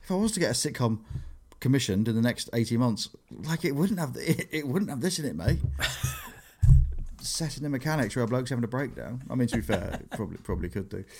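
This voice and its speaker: A man's voice: mid-range voice, quick pace, husky. A man, a comedian telling stories in casual podcast chat and acting out what people said. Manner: animated storytelling, acts out quotes.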